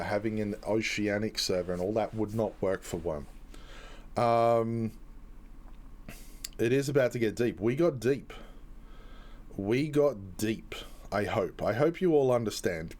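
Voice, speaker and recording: A man hosting a game's community stream, who explains things to chat in an earnest, halting way with many restarts. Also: on the low side, darkish tone. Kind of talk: live stream chat while playing.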